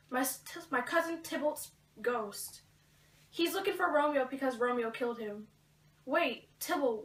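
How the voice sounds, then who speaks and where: A woman's voice: high voice, fairly bright tone. Teen girl playing frightened Juliet. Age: teens. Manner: anxious, halting, talking to herself. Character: frightened young woman Juliet alone. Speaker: student actor. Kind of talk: amateur school play. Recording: echoey room, from far off.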